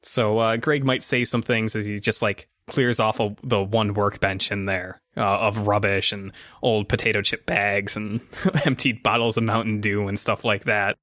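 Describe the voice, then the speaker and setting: A man runs a tabletop game with loose, chatty narration, asking players what happens next. His voice sits a little low, and the recording is dry with no room sound. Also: little pitch movement, moderate pace, a bit bright, dry recording. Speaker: game master.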